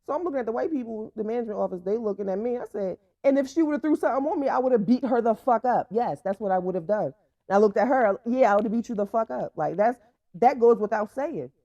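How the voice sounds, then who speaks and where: Young woman, blunt and profane, laughs often, mellow tone, lively pitch swings, dry dull lo-fi sound. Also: fast, no echo. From Franklin, Virginia, USA. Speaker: podcast host. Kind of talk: casual storytime monologue.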